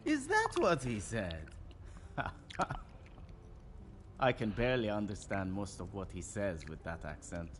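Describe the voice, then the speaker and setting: A man's voice: on the low side, sing-song, unhurried, pauses often, slight background noise. An actor playing a sardonic male worker in a mystery video game. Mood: wry. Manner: sardonic, chatty.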